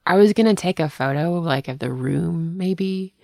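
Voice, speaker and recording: A woman's voice: on the low side, moderate pace, vocal fry, darkish tone, dry recording, clean studio sound. A woman co-hosting a casual chat, telling rambling, self-deprecating stories. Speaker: podcast co-host.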